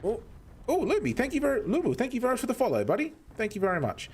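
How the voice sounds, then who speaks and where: A man's voice: very high-pitched, huge pitch swings, very fast, darkish tone, a little hiss or hum. A young Australian man with an Australian accent chatting casually with his viewers while gaming, swearing often and greeting people by name. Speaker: gaming streamer.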